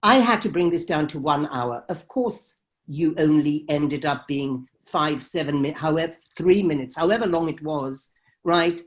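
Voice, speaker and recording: A woman's voice: sits low, normal speed. A woman documentary filmmaker telling a story in an interview, emphatic and dramatic as she acts out heated exchanges.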